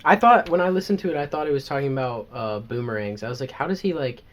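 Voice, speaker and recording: A man's voice: medium pitch, expressive, fast. Rambling young Southern man. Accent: Southern American. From American South. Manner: rambling, laid-back, lots of likes and fillers. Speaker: podcast co-host. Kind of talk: casual chat.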